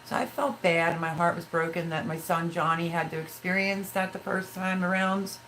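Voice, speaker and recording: A woman's voice: lowish voice, little pitch movement, normal speed, fairly bright tone, a little hiss or hum, low-quality recording. A woman in her fifties hosting a casual livestream, reading viewer comments aloud and telling personal stories with feeling. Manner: chatty, emotional storytelling, reads viewer comments aloud. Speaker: livestream host.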